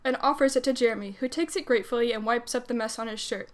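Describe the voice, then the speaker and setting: A woman's voice: a little high, fast. Giggly woman streamer reading fanfiction aloud. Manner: giggly, breaks off for chatty asides. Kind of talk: casual fanfiction read-aloud on a livestream.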